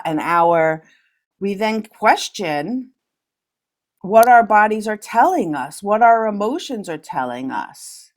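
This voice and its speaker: A middle-aged woman hosting a solo podcast, talking in a gentle, earnest coaching tone. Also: medium pitch, very animated, slow. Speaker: podcast host. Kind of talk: reflective solo podcast talk.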